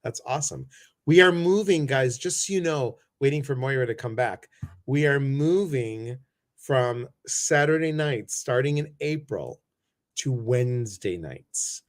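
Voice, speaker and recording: Guy hosting a live video chat, gushy and friendly with viewers, normal pitch. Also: expressive, measured pace, no echo. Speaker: host. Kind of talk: casual livestream chat.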